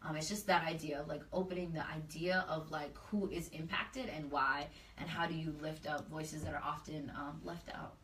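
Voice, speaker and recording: A woman's voice: low-pitched, steady tone, normal speed, few pauses, a bit bright, distant mic. A woman community organizer in a casual interview, speaking earnestly and loosely with lots of fillers. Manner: earnest, talks freely with many fillers. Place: indoor room, livestream. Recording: echoey room, off-mic.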